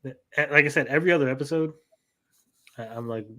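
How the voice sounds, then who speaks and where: A man and parent, a podcast co-host, telling stories in casual chat, animated and full of swearing. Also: medium pitch, quick pace. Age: adult parent. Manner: profane, animated storytelling.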